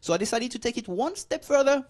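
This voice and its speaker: A man's voice: extremely high pitch, expressive, fast, a little mellow. A man from France with a French accent, in his forties, performing a playful, mock-arrogant stand-up routine on a club stage. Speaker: stand-up comedian.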